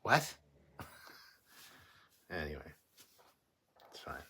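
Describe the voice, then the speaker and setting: A man's voice: lowish voice, lively intonation, unhurried, a bit bright, slightly rough. A man hosting a casual livestream, reading chat comments aloud and giving blunt, opinionated replies with plenty of swearing.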